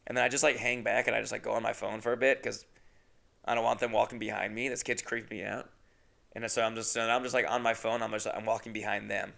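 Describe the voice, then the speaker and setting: A man's voice: lowish voice, flat delivery, fast talker, creaky, sharp tone. A young man, a comedian and podcast host, telling a crude, brash, profane anecdote. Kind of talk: comedic storytelling.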